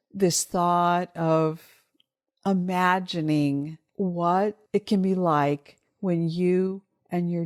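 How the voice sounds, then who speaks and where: A woman hosting a solo podcast for dog owners, coaxing listeners gently and rising into lively bursts of encouragement. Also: lowish voice, no echo, clean studio sound. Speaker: podcast host and dog trainer.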